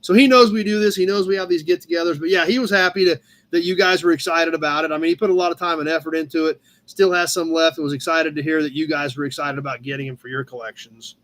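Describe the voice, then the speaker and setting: A man's voice: on the high side, steady tone, fast talker, a bit bright. A man with a Midwestern American accent hosting a live car-hobby chat show, casually rambling through viewer posts with plenty of fillers and calling people by name. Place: home room with a cat nearby.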